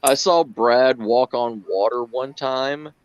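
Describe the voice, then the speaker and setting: A man's voice: takes it slowly, no echo, highs cut off. A man telling a story in a casual chat, acting out the voices in the story and swearing freely. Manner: animated, acts out quoted lines with big pitch jumps, swears.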